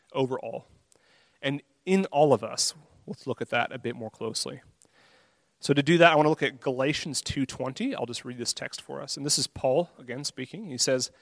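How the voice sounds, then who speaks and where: A man's voice: mid-range voice, dry recording. A man preaching a sermon, earnest and conversational, acting out his own inner thoughts with a self-deprecating touch.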